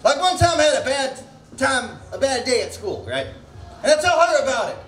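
Very high-voiced shouty male comic. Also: very animated, normal speed. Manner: loud, shouty, crude punchlines. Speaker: comedian. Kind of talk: stand-up set at an open mic. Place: comedy venue stage. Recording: roomy echo of a small venue.

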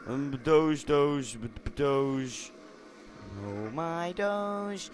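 Young guy doing silly slow game commentary, kinda high voice, rambly and yelly. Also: lively intonation, soft background music. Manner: silly, rambling, bursts into shouts and squeals. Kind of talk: goofy gameplay commentary.

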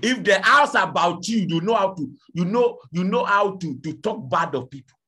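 A man preaching a fiery sermon, shouting and pleading, firing questions at his congregation. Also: high-pitched, expressive, moderate pace, breathy edge.

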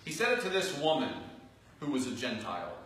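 A man preaching from the pulpit, his earnest voice swelling into emphatic peaks and sinking to quiet asides. He sits at a middling pitch, picked up from a distance so the sound reaches the mic a little late. The sanctuary rings with heavy reverb under a faint hiss. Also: big pitch swings, brisk. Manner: earnest, swinging between raised emphatic phrases and soft low asides. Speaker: pastor. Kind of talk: sermon. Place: church sanctuary. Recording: distant, very echoey church hall recording with faint noise.

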